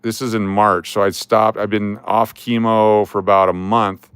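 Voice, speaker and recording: The host of a coin collecting channel, a middle-aged man, talks through old photos in a casual vlog, rambling and joking with chuckles and trailing restarts. His lowish voice is delivered flatly at a moderate pace, a bit bright and clean, without echo.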